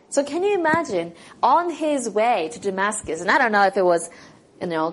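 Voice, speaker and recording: A woman's voice: medium pitch, slight background noise, poor audio. Conversational woman giving a sermon. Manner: conversational, asks the listeners questions. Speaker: Bible teacher. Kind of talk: sermon with Bible reading.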